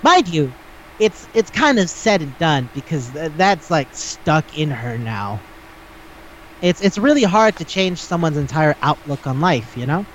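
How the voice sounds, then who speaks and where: A man's voice: fairly high pitch, very animated, unhurried, slight background noise, rough recording. A man hosting a podcast in casual chat who rambles, repeats his words and swears offhandedly. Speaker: podcast host.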